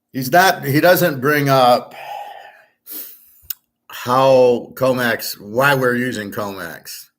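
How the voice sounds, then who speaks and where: Profane ranting male host. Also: mid-range voice. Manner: angry, profane, blunt. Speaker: host of a sports betting and finance channel. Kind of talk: ranting monologue to camera.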